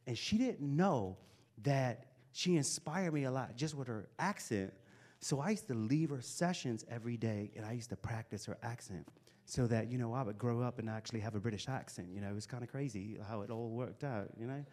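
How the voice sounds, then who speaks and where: A man in his forties tells his story to young listeners as a motivational speaker. His delivery is animated, and he keeps checking in with "right?". His voice sits at a medium pitch. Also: fairly quick. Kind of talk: storytelling talk to youth.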